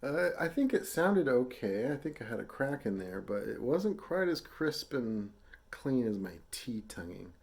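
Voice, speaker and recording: A man with a mid-range, creaky, slightly mellow voice speaks a little slowly in a sing-song way. Teaching a brass lesson, he's patient and casual, uses fillers, and sounds out tonguing syllables for students to mimic.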